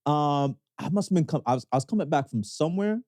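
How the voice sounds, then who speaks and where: A man's voice: fast talker, no room sound, clean studio sound. A man with a Canadian accent co-hosting a podcast, telling stories expressively in casual chat. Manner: expressive storyteller, drops into low voices for quotes. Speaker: podcast co-host.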